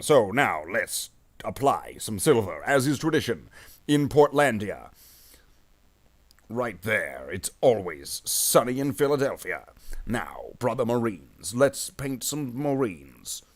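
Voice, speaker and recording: A man streaming himself painting miniatures, chatting casually and jokily in a space marine persona and calling his viewers brothers. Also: mid-range voice. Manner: rambling and jokey, calls viewers "brother Marines".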